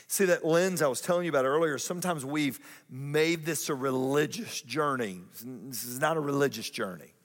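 A male pastor preaching a lively sermon, repeating phrases and climbing higher in pitch for emphasis. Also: normal speed, few pauses, long reverb tail. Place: church auditorium.

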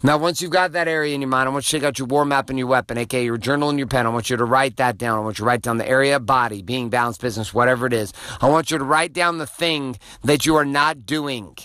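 A man's voice: mid-range voice, fairly even intonation, quick pace, few pauses, sharp tone, clear, resonant tone, dry recording. Man, middle-aged, motivational host, intense, profane, preachy, dry close sound. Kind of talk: motivational monologue.

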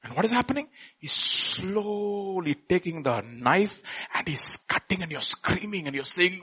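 Impassioned preacher, bright lively voice. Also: male voice, high voice, measured pace, husky. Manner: impassioned, swinging from hushed to shouting; asks the listeners rhetorical questions. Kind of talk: sermon.

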